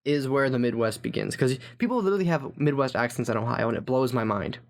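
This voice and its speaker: A man's voice: mid-range voice, expressive, quick pace, vocal fry. A man from Pennsylvania co-hosting a podcast in casual chat, confidently rattling off lists. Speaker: podcast co-host.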